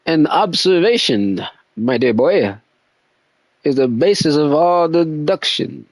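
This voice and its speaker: Guy doing a put-on english accent for a pompous game detective, high and showy, dry sound. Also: expressive, slow pace, no room sound. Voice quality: grandiose, theatrical delivery.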